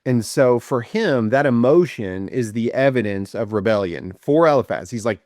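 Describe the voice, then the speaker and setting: A man's voice: medium pitch, normal speed, dry recording, clean studio sound. A middle-aged man co-hosting a casual Bible study podcast, explaining a passage and acting out quoted speech as he goes. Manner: animated, acts out quoted speech. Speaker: podcast co-host.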